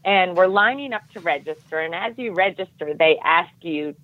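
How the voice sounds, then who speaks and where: A woman guest telling a self-deprecating story in casual talk, animated and acting out the voices of others. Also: on the low side, normal speed, no room sound. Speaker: podcast guest. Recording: muffled dull audio.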